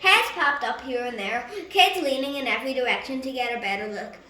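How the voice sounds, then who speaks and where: A woman reads a story aloud with lively storybook narration, now and then stumbling and correcting herself. Her voice is high and bright. It is recorded in a room with a clear echo. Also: brisk. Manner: lively reading with small stumbles. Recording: echoey room.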